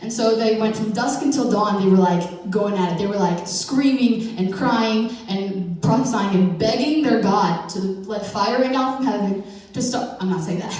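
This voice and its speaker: A young woman gives an informal sermon in a chatty, playful way, full of fillers and quick self-corrections. Her voice carries through a big hall with a long, booming echo, and she sounds some way off from the mic. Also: darkish tone. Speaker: youth speaker giving a church message. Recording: echoey hall from far off.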